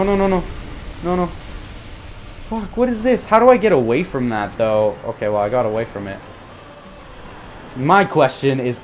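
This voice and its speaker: A man's voice: medium pitch, a little hiss or hum. Swearing young man commentating a game. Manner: frustrated, swearing, muttering, bursts of yelling. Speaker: gaming YouTuber. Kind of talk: profane live gameplay commentary.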